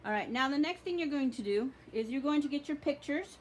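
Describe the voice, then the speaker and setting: Woman commanding with forceful profanity. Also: high-pitched, lively intonation, a little fast, a little hiss or hum. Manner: casual step-by-step instruction. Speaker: spiritual practitioner teaching a ritual. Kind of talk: ritual instruction with spoken commands.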